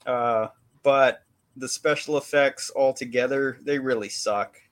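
Man, podcast co-host, casual rambling recap, filler-heavy, mid-pitched voice. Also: fairly even intonation, a little slow. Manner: rambling, laid-back movie recap with fillers. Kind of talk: casual chat.

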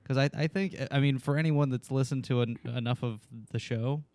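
A man's voice: mid-range voice, fairly even intonation, fairly quick, a little mellow, no room sound. Rambling self-mocking podcast co-host man. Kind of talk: casual podcast chat.

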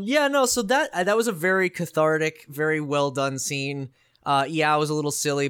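A man's voice: mid-range voice, smooth. A man co-hosting a casual gaming podcast, swearing freely and acting out characters' lines as he recaps. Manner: animated and profane, acts out characters' lines. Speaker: podcast co-host.

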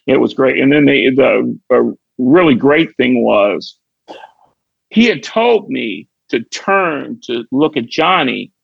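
On a podcast, a middle-aged Chicago comedian spins a lively backstage anecdote, performing the quoted lines himself. His medium-pitched voice is gravelly and husky, captured in a dry, lo-fi recording.

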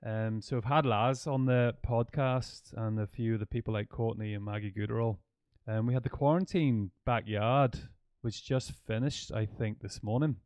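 A man's voice: lowish voice, moderate pace, clean tone, no echo. Chatty man hosting a podcast. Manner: animated storyteller, laughs often. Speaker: podcast host. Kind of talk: conversational interview.

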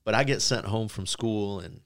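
A man co-hosting a casual interview show. He tells stories in a lively way and acts out the people he quotes. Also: lowish voice, moderate pace, smooth. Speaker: podcast co-host.

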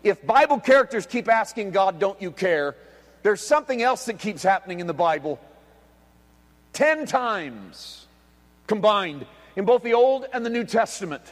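A man preaching a sermon as pastor, swinging between hushed, quiet lines and loud, emphatic ones. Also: high voice, expressive, measured pace, pauses often. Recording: long hall reverb.

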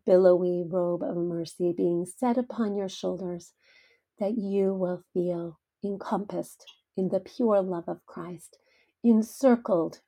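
A middle-aged woman hosts a devotional podcast, speaking very slowly and earnestly. Her voice is low, mellow and a little husky, with a heartfelt storytelling manner. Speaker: podcast host.

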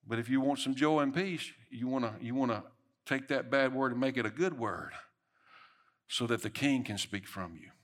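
A middle-aged man preaching a sermon, swinging between loud emphatic bursts and soft murmured lines. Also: mid-range voice.

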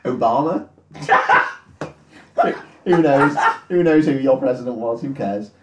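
A man co-hosts a podcast, walking through a film's plot with lots of swearing and chuckles. His voice sits at an ordinary pitch. The sound is roomy, picked up from a little way off the mic. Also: slow pace, fairly bright tone, distant mic, slight background noise. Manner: sweary, storytelling recap, laughs often. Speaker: podcast co-host. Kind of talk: casual chat retelling a film.

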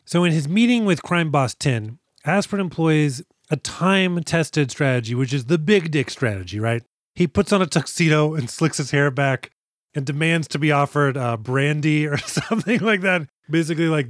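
Guy cohosting a movie podcast, kinda higher voice, snarky and sweary, dry close mic. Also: normal speed, no room sound. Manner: sarcastic, profane, jokey recaps. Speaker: podcast co-host. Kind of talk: casual movie podcast chat.

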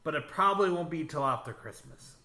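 A man hosting a podcast, chatting casually about movies and TV, laid-back and quick to laugh as he asks his co-host questions. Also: a little high, lively intonation, roomy sound, crowd noise.

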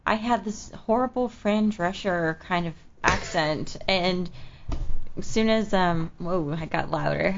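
A woman's voice: lowish voice, takes it slowly, vocal fry, a little hiss or hum. A woman chatting as a guest on a radio talk show, blunt and jokey, laughing often. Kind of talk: casual interview chat. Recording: dull lo-fi radio audio.

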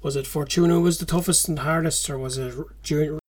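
A man's voice: a little high, fairly even intonation, brisk, background noise. A man interviewing a boxer, asking conversational prompting questions. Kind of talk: casual interview.

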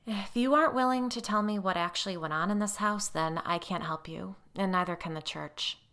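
A blunt, determined woman investigator who speaks in a firm, direct way, as a narrator voices her. The voice is bright and forceful, with a gravelly edge. It sounds like a storybook reading. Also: mid-range voice, a little fast, pitched above the performer's own voice, close to an everyday voice.

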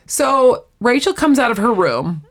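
A woman chatting casually as she recaps a TV episode, an animated storyteller who often acts out what the characters say. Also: fairly high pitch, a little slow.

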